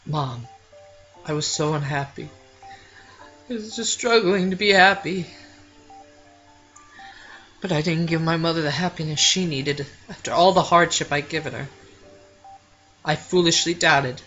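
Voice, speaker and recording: Guy voicing a sad young son in a game, choked up, bright highish voice. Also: highs cut off, soft background music. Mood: grieving. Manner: choked, halting reading. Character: young man grieving his mother, quiet and earnest.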